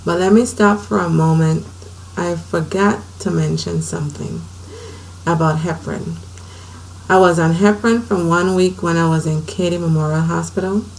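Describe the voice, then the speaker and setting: Storyteller woman, thirties, earnest and chatty, lowish voice, faint hum behind. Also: steady tone, normal speed, poor audio. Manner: earnest, conversational, drifts softer at times. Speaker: vlogger telling her life story. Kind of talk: personal storytelling to camera.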